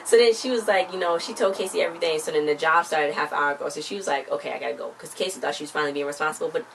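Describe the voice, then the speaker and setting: A low-pitched woman rattles quickly through a chatty, informal recap of a TV episode, acting out bits of each scene as she goes. She sits well back from the mic, with a faint hiss of noise underneath. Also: recorded from a distance, rough recording. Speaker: TV episode reviewer.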